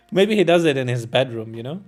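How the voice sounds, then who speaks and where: A man's voice: medium pitch, darkish tone. A man live-streaming, reading out war news headlines and commenting on them in a casual, irreverent way, swearing and laughing as he goes and stumbling over names.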